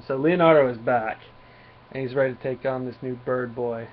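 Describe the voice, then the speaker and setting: A man's voice: mid-range voice, normal speed, dull audio, a little hiss or hum. A man giving a casual spoken comic book review, retelling the plot in a rambling way with many fillers.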